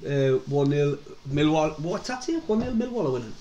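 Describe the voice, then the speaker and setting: Chatty North East football fan. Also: male voice, on the high side, very animated, normal speed, mellow, muffled recording, a little hiss or hum. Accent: North East England. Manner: chatty, reactive, laughs often, swears. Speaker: football fan live streamer. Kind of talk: casual live match chat.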